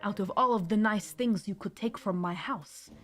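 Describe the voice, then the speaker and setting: A woman voicing a menacing male vampire lord from a foreign land in a slow, theatrical voice. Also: mid-range voice, natural voice. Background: music.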